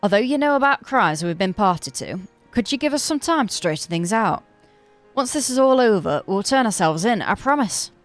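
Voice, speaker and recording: A woman's voice: mid-range voice, animated, moderate pace, faint music behind, natural voice. A woman reading aloud as an earnest, reformed young gang member, in a northern English accent. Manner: reading game dialogue aloud, plain earnest delivery.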